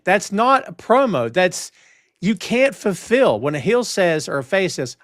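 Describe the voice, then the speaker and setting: A man with a fairly high voice, co-hosting a casual podcast chat. He talks in an opinionated, emphatic, old-school way, and the recording is dry and close. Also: sing-song, measured pace, a bit bright, no room sound. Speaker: podcast co-host.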